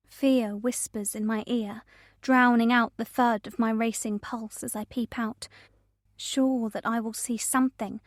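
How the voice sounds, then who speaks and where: Woman reading a thriller audiobook, fairly high voice, measured and tense, dry close sound. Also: no room sound. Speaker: audiobook narrator. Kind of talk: scripted first-person thriller narration.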